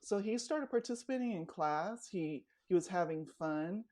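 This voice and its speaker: A woman's voice: lowish voice, moderate pace. A middle-aged woman life coach telling stories in a casual interview, acting out the voices she quotes. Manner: animated storyteller, acts out quoted dialogue.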